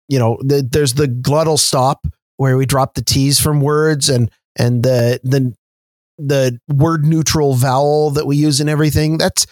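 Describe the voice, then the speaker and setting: A man's voice: medium pitch, no echo. A man co-hosting a podcast, wry and teasing in casual chat. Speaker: podcast co-host.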